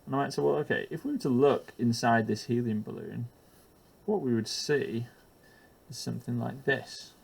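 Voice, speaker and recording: A man's voice: mid-range voice, moderate pace, gravelly, slightly rough. A man explaining a chemistry lesson for teachers while drawing, hesitant with frequent ums and uhs and the odd self-deprecating aside.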